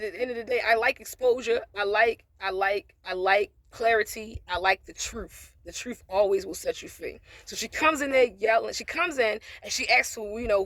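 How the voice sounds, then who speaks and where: A woman's voice: mid-range voice, a bit bright, no room sound. Blunt, profane woman telling a story. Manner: preachy asides about faith. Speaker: storytime vlogger. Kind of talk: casual storytime monologue.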